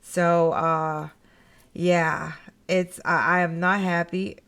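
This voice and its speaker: A woman's voice: fairly low pitch, little pitch movement, slow, fairly bright tone, clean tone. A middle-aged woman from Canada hosting a podcast in casual chat, talking with many fillers and frequent laughs. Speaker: podcast host.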